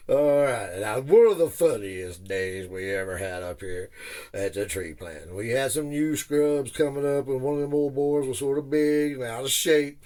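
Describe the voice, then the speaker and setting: A man's voice: medium pitch, moderate pace, a little mellow. A man telling a drawling, down-home, joking story about his tree planting days. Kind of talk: folksy storytelling monologue.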